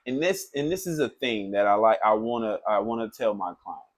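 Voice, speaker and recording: A man who works as a tattoo artist, telling a story in a loose, animated, profane way, full of filler phrases. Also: fairly low pitch, brisk. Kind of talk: casual storytelling.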